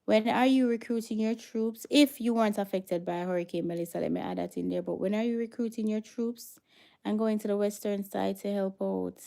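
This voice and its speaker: A woman's voice: medium pitch, steady tone, a little fast, gravelly, warm tone. A Jamaican woman hosting a casual livestream, chatting with viewers and slipping into patois. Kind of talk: casual livestream chat, reading viewer comments.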